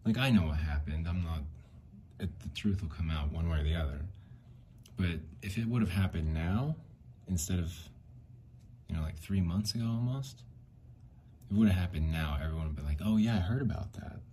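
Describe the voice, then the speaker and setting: A man's voice: low voice, normal speed, pauses often, warm tone, a little hiss or hum. A man hosting a casual solo podcast, rambling and frustrated, swearing often. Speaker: podcast host.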